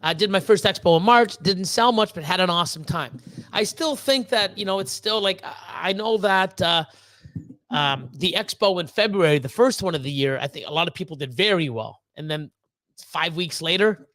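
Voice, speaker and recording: Rambling high-voiced man on a livestream. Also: normal speed, a bit bright, no room sound. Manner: rambling, many fillers and restarts, swears freely. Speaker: livestream host. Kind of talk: casual livestream chat.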